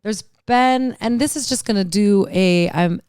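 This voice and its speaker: A woman hosts her own podcast and talks casually on her own, circling and restarting her thoughts. Her voice is very clear and smooth. The close-miked sound is dry, with no room echo. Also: mid-range voice, unhurried, darkish tone. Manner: rambling, self-interrupting, emotional and playful. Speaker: podcast host. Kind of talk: casual solo podcast chat.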